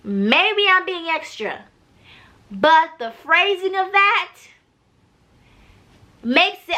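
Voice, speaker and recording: Woman, young adult, high pitch, bright tone, chatty, animated, slangy, casual TV recap vlog. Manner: chatty, animated, talks straight to viewers with slangy asides. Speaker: TV recap vlogger.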